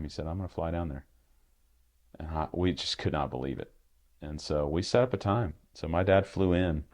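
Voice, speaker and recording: A man's voice: rumbling low, a little mellow. A middle-aged man, a pastor, giving an earnest, heartfelt personal testimony in an interview, with frequent restarts and filler words.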